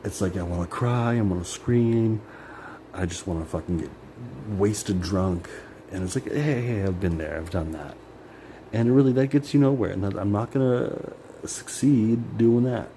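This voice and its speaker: Deep-voiced man venting in a ramble. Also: normal speed, dark tone, a little hiss or hum. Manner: rambling, profane, many "like" fillers; emotional, bitter. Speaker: vlogger. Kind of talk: personal venting monologue.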